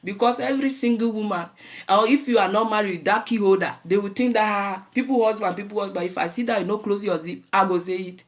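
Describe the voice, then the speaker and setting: Animated Nigerian woman telling stories. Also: medium pitch, quick pace, highs cut off. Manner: animated storyteller mixing in pidgin. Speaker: show host. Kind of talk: casual talk-show monologue.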